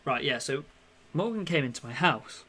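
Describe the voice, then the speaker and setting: Brief: young man, podcast co-host, lively storyteller, mid-pitched, acts out quotes. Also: normal speed, a little hiss or hum. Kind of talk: casual chat.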